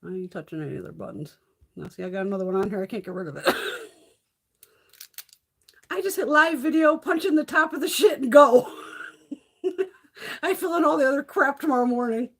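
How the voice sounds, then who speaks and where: Woman, beauty livestream host, phone mic, husky voice, swears and laughs a lot. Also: high voice, expressive, brisk, long pauses, fairly bright tone. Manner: profane, laughing storyteller. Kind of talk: casual livestream chat.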